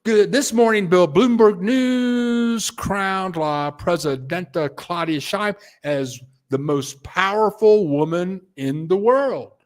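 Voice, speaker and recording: Speaking slowly with few pauses in a voice that sits high, an older man hosts a relaxed live stream. The vlogger shares stories, chuckles, and reads out comments from viewers.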